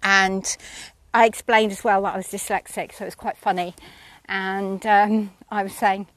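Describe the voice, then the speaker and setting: A woman's voice: medium pitch, flat delivery, moderate pace, a bit bright, dry recording. A woman chatting casually about her lesson, rambling and self-mocking, with frequent ums. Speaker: horse rider reviewing her lesson. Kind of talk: casual chat.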